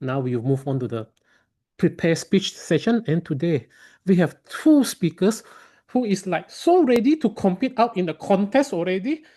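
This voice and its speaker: A man chairing an online speaking club meeting, polite and halting, with non-native phrasing, over a video call. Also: high-pitched, very animated, dark tone.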